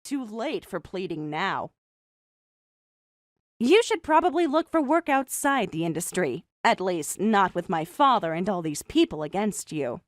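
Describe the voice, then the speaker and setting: A young woman voicing a calm, mocking designer who also narrates the story in first person. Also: on the high side, no room sound, studio quality. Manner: cool, mocking, measured.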